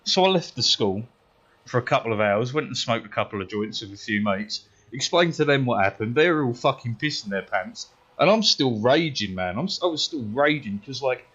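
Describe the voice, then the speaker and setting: Brief: British male streamer, mid-pitched voice, animated and profane, dull home-stream audio. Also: a little fast. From United Kingdom. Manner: heavy swearing, animated retelling. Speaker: game streamer. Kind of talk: casual storytelling while gaming.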